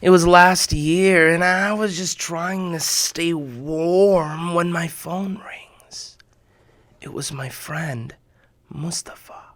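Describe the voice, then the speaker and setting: A young man telling children a story in an animated, excitable way, often repeating words as he gets worked up. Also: fairly high pitch, takes it slowly, dry recording.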